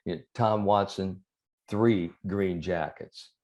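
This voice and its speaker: A man, a sports psychologist, talking as an interview guest and telling anecdotes in a lively, chuckling way. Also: sits low, takes it slowly. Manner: animated storyteller, chuckles through anecdotes. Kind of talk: conversational interview storytelling.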